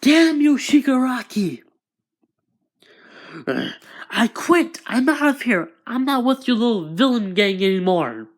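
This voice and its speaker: A man voicing an emotional young male villain who shouts in a high, strained voice. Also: expressive, unhurried. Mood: furious.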